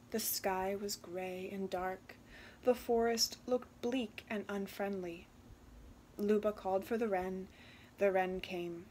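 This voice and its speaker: Slow, expressive woman reading a storybook. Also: medium pitch, a little hiss or hum. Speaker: children's book reader. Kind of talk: storybook read-aloud.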